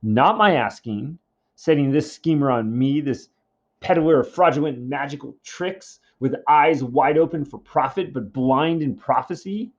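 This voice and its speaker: A man's voice: mid-range voice, a little slow, close to an everyday voice. A man reading as a proud, angry king. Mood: indignant. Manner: reads the translated verse aloud, heated. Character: proud angry male king accusing a seer. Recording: dull lo-fi recording.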